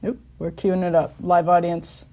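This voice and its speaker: A woman's voice: lowish voice, level tone, normal speed, warm tone. A woman hosting a casual chat show, chatty and laughing often as she talks. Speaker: host.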